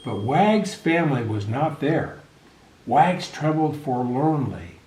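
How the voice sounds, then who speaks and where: A man reading a picture book aloud to children with expressive, animated storytelling, over a video call. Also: medium pitch, slow pace. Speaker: storybook reader. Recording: echoey room.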